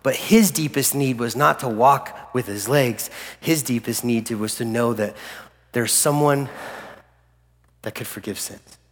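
A man preaching a sermon in a church hall, animated and jokey, acting out the people in his story. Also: mid-range voice, measured pace. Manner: animated, jokey, acts out voices of characters. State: recovering from flu. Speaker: pastor. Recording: long hall reverb.

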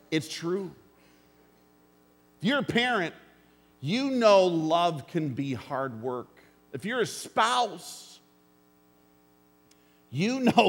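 A man's voice: a little high, fairly bright tone. A pastor preaching a sermon to his congregation, earnest and plainspoken, with dry jokes and calls for an amen. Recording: long hall reverb.

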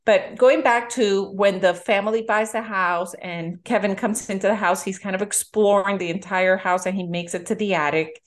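A middle-aged woman co-hosting a casual movie-review chat, an animated storyteller who acts out the quotes. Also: mid-range voice, moderate pace, few pauses. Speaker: podcast co-host.

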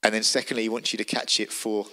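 A man's voice: lowish voice, little pitch movement, fast, bright, forceful tone. A man preaching a sermon, telling the story vividly and with emphasis.

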